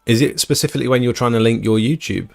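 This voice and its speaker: A man's voice: mid-range voice, fast talker, creaky, soft background music. A British man hosting a livestream, chatting casually and answering viewers' questions as they come in. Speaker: livestream host. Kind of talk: casual live chat.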